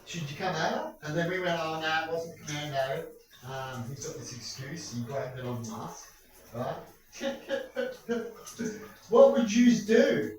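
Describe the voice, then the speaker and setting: A man's voice: on the high side, big pitch swings, takes it slowly, a little mellow. A man ranting in a rambling monologue, crude and full of rhetorical questions. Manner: crude, rambling, keeps asking "right?". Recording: echoey room, far from mic.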